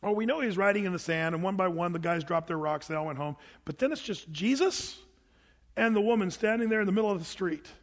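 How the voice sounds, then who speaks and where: A high-pitched male pastor gives a loose, conversational sermon full of joking asides and little acted-out bits. His voice rings with the long reverb of a big hall. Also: fast talker. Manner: informal, joking asides, acts out the people in the stories.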